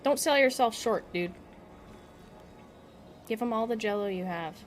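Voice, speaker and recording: A woman streamer with a fairly high voice chats casually and playfully as she plays a video game, speaking a little slowly.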